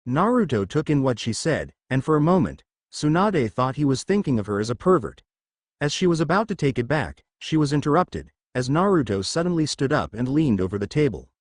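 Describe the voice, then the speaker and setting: A man reads a fan fiction story aloud in a steady storytelling style. His voice sits at a middle pitch with very lively intonation, and the sound is dry and close. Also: brisk, dry recording. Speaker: narrator.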